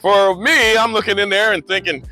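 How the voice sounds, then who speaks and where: A middle-aged man telling joking stories in a casual monologue, animated, laughing often and repeating words. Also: high voice, normal speed, faint music behind. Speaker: motorcycle vlogger.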